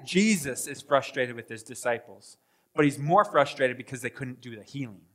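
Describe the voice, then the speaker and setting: A man preaching a sermon as pastor, animated, acting out voices and swinging between loud bursts and hushed asides. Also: mid-range voice, moderate pace. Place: church sanctuary.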